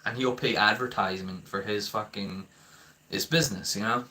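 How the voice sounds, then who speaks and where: A man's voice: lowish voice, fairly even intonation, normal speed, sharp tone. A young man ranting to his viewers, heated and swearing often, with frequent stammering restarts. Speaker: vlogger. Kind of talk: ranting commentary to camera.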